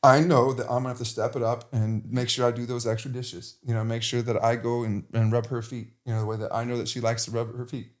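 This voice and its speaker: A man's voice: mid-range voice, little pitch movement, fast talker, hardly any pauses. A man in his forties, a podcast guest, talking candidly in a passionate, emphatic way, often restarting his sentences. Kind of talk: candid conversational interview.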